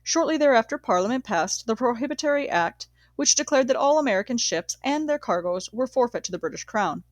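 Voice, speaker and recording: A woman reading a nonfiction history book aloud in a measured, steady way, sometimes correcting herself. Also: on the high side, dry recording. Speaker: audiobook reader.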